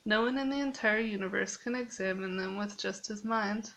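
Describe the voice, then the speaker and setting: A woman reading aloud as a calm, patient fatherly creator god who speaks softly. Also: medium pitch, moderate pace, natural voice, low-quality recording. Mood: gentle.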